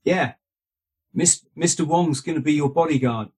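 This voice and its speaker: A man doing a blunt male nightclub manager with a Hong Kong accent, pushing his voice high. He barks short, broken English warnings. The voice stays husky under the put-on. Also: normal speed, darkish tone. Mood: matter-of-fact.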